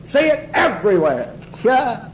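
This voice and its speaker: A man's voice: extremely high pitch, sing-song, a little slow, a little hiss or hum, poor audio. A man teaching a Bible class in sermon style, emphatic, asking the class questions and answering them himself.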